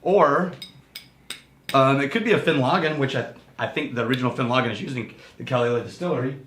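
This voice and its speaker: A man's voice: mid-range voice, brisk, a bit bright, roomy sound, slight background noise. A man co-hosting a whiskey tasting show, chatting casually and explaining with enthusiasm. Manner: explanatory, enthusiastic, laughs easily.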